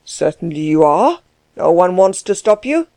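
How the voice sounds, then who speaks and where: A woman voicing a gruff, overbearing middle-aged man who questions people curtly and pushily in a storybook reading. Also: fairly low pitch, big pitch swings, measured pace, mellow, no echo. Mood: menacing. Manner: curt, pushy questioning.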